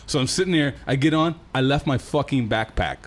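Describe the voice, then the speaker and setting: A young man telling a wild story in casual, profane, animated talk. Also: medium pitch, a little fast. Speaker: guest telling a travel story.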